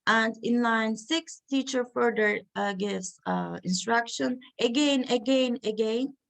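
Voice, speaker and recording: A woman giving an academic reading session, talking slowly and haltingly with many fillers. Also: fairly high pitch, a bit bright. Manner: slow, halting delivery with frequent fillers. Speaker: lecturer.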